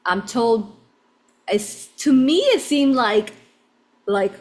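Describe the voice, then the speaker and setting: A woman's voice: on the high side, slow pace. Woman telling a story expressively. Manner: expressive, swinging between hushed and excited. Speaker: spiritual channeler. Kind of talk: live personal storytelling.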